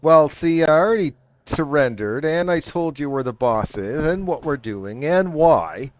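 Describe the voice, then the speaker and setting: A man's voice: fairly high pitch, lively intonation, a little slow, dry recording, pitched above the performer's own voice. A man voicing a surrendered female forest bandit who is nervously bargaining for her life in a tabletop game. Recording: dull dry lo-fi audio.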